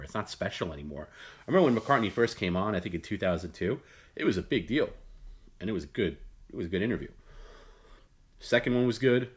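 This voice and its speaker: Low-voiced blunt rambling man. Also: fairly bright tone. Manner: rambling, opinionated, blunt with many fillers and restarts. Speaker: host. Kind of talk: late-night solo talk stream.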